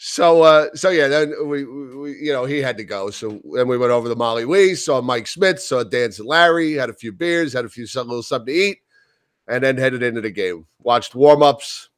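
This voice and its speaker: A man's voice: medium pitch, animated, fairly quick, clean tone, no room sound, clean studio sound. A man co-hosting a sports podcast in casual chat, telling a story in a rambling way with many restarts. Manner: rambling storyteller who repeats himself and acts out quoted talk. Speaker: podcast co-host.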